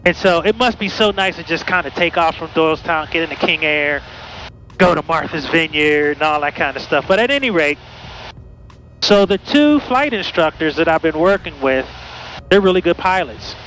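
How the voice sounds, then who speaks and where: A man's voice: on the high side, expressive, moderate pace, fairly bright tone, slight background noise, low-quality recording. A man from Pittsburgh, a student pilot talking viewers through his flight from the cockpit in a chatty, upbeat way. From Pittsburgh, USA. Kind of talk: casual cockpit narration. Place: small plane cockpit in flight.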